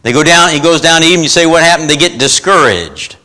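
A man preaching a down-to-earth sermon, his voice pitched a little high and sounding bright and forceful. He reads scripture, then keeps throwing questions back at his listeners in a folksy, repetitive way. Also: lively intonation, fast, poor audio. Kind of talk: informal sermon with scripture reading.

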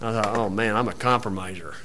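A man preaching a sermon in a folksy storytelling way, acting out the people in his stories and shouting out scripture. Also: lowish voice, brisk, background noise. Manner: folksy storytelling, acts out voices, loud shouted quotes.

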